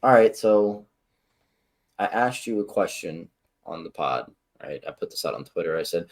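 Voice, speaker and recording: A man co-hosting a casual sports and music podcast, excitable and given to loud exclamations. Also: low-pitched, normal speed, gravelly. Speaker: podcast co-host.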